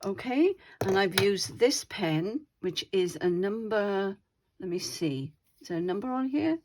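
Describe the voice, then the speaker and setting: A woman's voice: medium pitch, lively intonation, measured pace, background noise. A woman hosting a craft channel, chatting casually as she demonstrates her doodles and keeps checking in with viewers. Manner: chatty, often checks in with "all right?".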